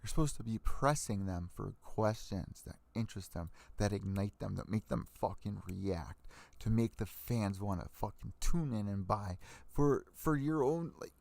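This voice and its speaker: A man's voice: lowish voice, expressive, normal speed, creaky, darkish tone, no echo. A young man hosting an MMA podcast, ranting with a lot of swearing and giving fight predictions. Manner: profane, fired-up ranting. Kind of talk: ranting live stream commentary.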